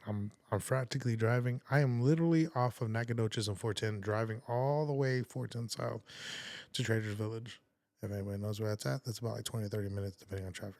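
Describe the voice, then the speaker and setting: A man with a fairly low voice tells an emotional personal story as a podcast guest. He speaks in an earnest, rambling way, acting out what others said to him. The sound is close and dry, with no room echo. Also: fairly even intonation, fast, a little mellow. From San Antonio, Texas. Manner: rambling and earnest, full of "like" and reenacted quotes.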